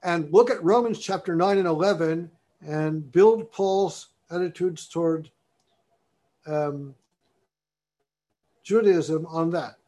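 A man's voice: fairly high pitch, takes it slowly, long pauses, dark tone. A man giving a university lecture in a classroom, talking his way through a topic and reading passages aloud with emphasis.

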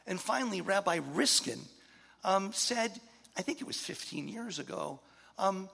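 Man, 50s or older, rabbi, gravelly and husky, earnest storytelling, long hall reverb. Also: high-pitched, expressive, unhurried, pushed and bright. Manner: earnest, impassioned, drops to a near-whisper at emotional points. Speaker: rabbi speaking to an audience. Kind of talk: storytelling talk to an audience.

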